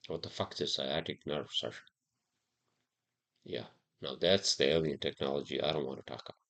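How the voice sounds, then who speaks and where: A man's voice: a bass voice, normal speed, gravelly, fairly bright tone. A man hosting a solo podcast, rambling and swearing heavily through a heated rant. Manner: rambling, profane, heated ranting. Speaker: podcast host.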